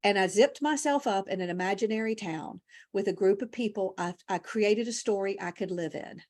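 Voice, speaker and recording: A woman's voice: medium pitch, normal speed. A woman speaker, talking animatedly in a conversational interview and telling her own story. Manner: animated, storytelling, emotional at times. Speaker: keynote speaker, guest.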